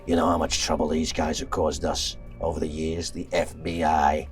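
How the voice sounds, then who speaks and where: A man's voice: extremely low pitch, flat delivery, moderate pace, over music, pitched below the performer's own voice. A man voicing a menacing gangster uncle who needles and accuses. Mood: scornful.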